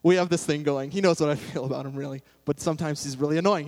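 A man's voice: a little high, fairly even intonation, quick pace, darkish tone. Conversational man preaching in a reverberant hall. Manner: conversational, self-deprecating, with sudden emphatic bursts. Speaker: pastor. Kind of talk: sermon.

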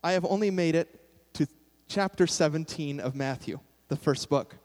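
A man's voice: fairly high pitch, moderate pace, a little mellow. Conversational man preaching in a reverberant hall. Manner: conversational, self-deprecating, with sudden emphatic bursts. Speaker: pastor. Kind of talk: sermon.

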